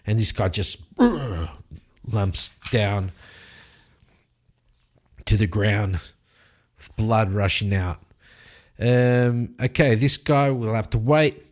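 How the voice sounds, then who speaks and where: A man narrating his solo tabletop role-playing game, telling the fight with lively sound effects. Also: lowish voice, slow pace, pauses often. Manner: animated storytelling with sound effects.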